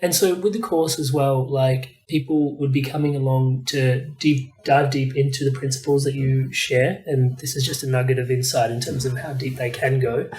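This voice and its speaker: A man's voice: medium pitch, fairly even intonation, normal speed, few pauses, darkish tone, recorded from a distance. A man with a mid-range voice hosts an interview, asking reflective questions and affirming what his guest says. He sums up key points as the talk goes on. He sounds set back from the mic, in a room with echo. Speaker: host. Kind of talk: casual interview chat.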